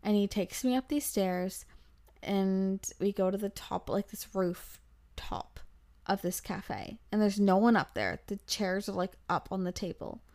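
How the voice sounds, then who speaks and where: A woman in her twenties who hosts a podcast, telling a travel story in a lively, breathless way and acting out the quotes. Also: medium pitch, unhurried. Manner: animated, breathless, acts out quotes. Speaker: podcast host. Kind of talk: casual storytelling.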